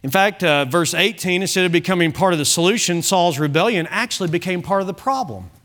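A male pastor preaching an evening sermon, emphatic, with frequent restarts and softer asides. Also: sits high, animated, fast. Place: church service.

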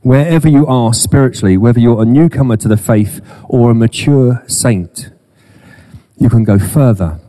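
A man's voice: mid-range voice, normal speed, dark tone. A middle-aged man preaching a sermon in church, with humorous self-deprecating asides. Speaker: pastor.

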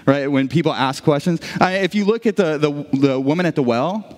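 A man's voice: fairly high pitch, moderate pace. A middle-aged man preaching a sermon as pastor, talking to the congregation in a loose, conversational way, often restarting his sentences and dropping in friendly asides. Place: church sanctuary. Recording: long church reverb.

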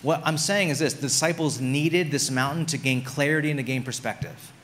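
Male pastor with a fairly high voice, chatty sermon delivery, loose phrasing with lots of "like". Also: fairly quick, a bit bright. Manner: conversational preaching, frequent "like" and restarts.

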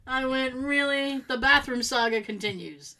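A woman telling a long story in casual chat, animated and laughing as she acts out what people said. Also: on the high side, moderate pace, noisy background.

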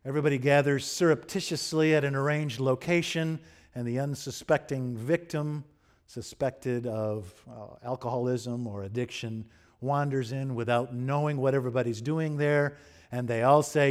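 A man preaching a sermon as pastor, telling stories with humor and lively swings in loudness. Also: mid-range voice, normal speed. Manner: animated, humorous storytelling with wide swings in loudness.

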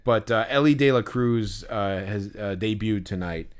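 Smooth-voiced man chatting on a podcast. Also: on the low side, normal speed. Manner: rambling, lots of fillers and restarts; animated when telling stories. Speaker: podcast co-host. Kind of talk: casual chat and storytelling.

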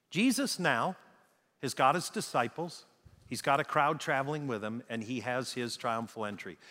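Animated preacher in an echoing hall. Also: male voice, medium pitch. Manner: animated, full of rhetorical questions. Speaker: pastor. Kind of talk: sermon.

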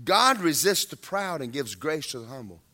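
A man preaching a sermon, animated, acting out voices and rising to shouts at the peaks. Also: a little high, moderate pace.

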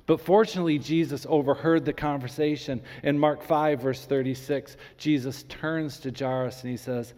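In a long, reverberant hall, a man with a medium-pitched voice delivers a sermon as pastor. He acts out the characters in his stories with animation, and for emphasis he slows sharply and sinks to near whisper.

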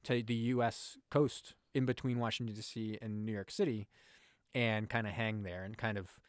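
A man's voice: on the low side, fairly even intonation, normal speed, no echo, clean studio sound. A man casually recapping a movie on a podcast, joking and acting out lines from the scenes. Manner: jokey, acts out characters' lines with mock voices. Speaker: podcast co-host.

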